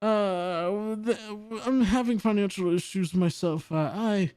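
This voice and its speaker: A man as an evasive male boss, Irish accent, high and hesitant, mellow tone. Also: slow pace, smooth, no room sound, clean studio sound. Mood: flustered. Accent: Irish, put on. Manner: high-pitched, hesitant, stammering.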